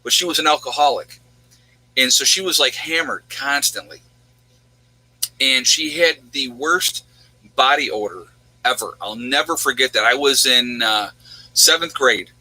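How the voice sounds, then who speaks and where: Man with a sharp, bright voice. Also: mid-range voice, a little slow, long pauses, slightly rough, poor audio. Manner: rambling, chatty, answers viewers' questions. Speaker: livestream host. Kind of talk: casual livestream chat.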